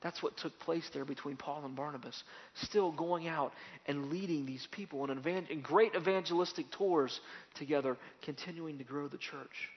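A male pastor delivers a sermon in a slightly high voice, pressing points home with repetition and rising emphatic bursts. The sound is dull and lo-fi, and a long reverb trails after each phrase. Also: moderate pace.

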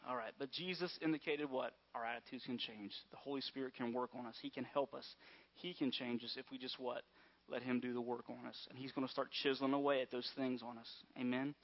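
A man's voice: mid-range voice, fairly even intonation, a little fast. Man preaching a casual sermon. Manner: conversational, repeatedly asks "all right?" and "amen?". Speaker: pastor. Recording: dull lo-fi sound.

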